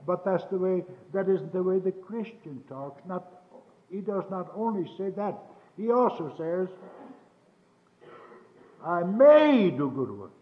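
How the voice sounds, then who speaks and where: A man preaching a sermon, emphatic and repetitive, rising to fervent peaks and pausing with fillers between points. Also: high voice. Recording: tinny lo-fi old sermon tape, roomy.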